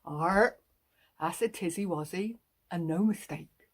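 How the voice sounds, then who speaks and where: A woman's voice: on the low side, takes it slowly. A woman doing a round, grumpy rustic farmer. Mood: gruff. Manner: rustic growling "arr" drawl.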